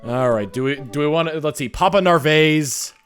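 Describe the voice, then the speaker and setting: A man's voice: fairly high pitch, moderate pace. A man streaming a video game, reading its text aloud with playful jokey commentary. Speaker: streamer playing a dating game. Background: game music.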